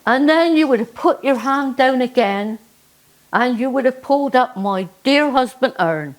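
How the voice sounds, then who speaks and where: Jenny is an earnest, flustered older Cornish woman in a folk tale, played by a woman storyteller. She speaks in a broad Cornish accent with a high voice. Her lines come slow and earnest. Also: animated, rough recording. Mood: cheeky.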